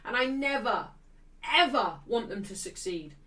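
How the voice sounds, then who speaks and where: A woman's voice: on the high side, animated, measured pace, pushed and bright, far from the mic, low-quality recording. A woman hosting a football watchalong stream, ranting and swearing as she talks to her chat. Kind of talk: casual live-stream chat.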